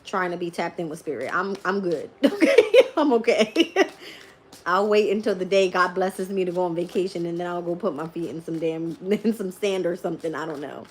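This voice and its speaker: A woman chatting casually on a live stream as a tarot reader, laughing often and swearing freely as she tells animated stories. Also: on the low side, a little fast.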